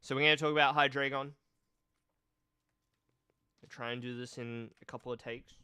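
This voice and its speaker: A male streamer with a nasal, cold-stuffed voice, chatting slowly and thoughtfully on a casual live stream. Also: medium pitch, steady tone, sharp tone, smooth. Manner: slow, thoughtful, reads chat aloud. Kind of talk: casual live-stream chat about card games.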